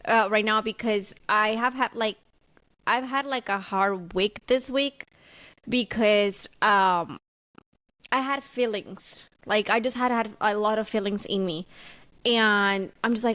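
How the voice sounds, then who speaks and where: A woman's voice: medium pitch, steady tone, measured pace, a bit bright. A young adult woman co-hosting a podcast, candid and rambling in casual chat, often questioning herself. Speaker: podcast co-host.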